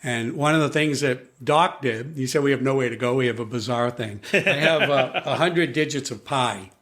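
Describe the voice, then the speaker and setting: A man recounting his past as a podcast guest, in an animated storytelling manner. He slips into the voices of people he quotes and often restarts his sentences. His voice sits at a middling pitch. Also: normal speed. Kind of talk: storytelling in conversation.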